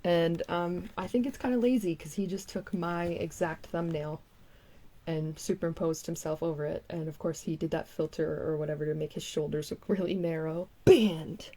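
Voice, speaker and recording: Mocking young woman, lower voice. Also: fairly even intonation, moderate pace, dark tone. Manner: mocking, profane, laughs often. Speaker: online commentator. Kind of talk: casual reaction commentary.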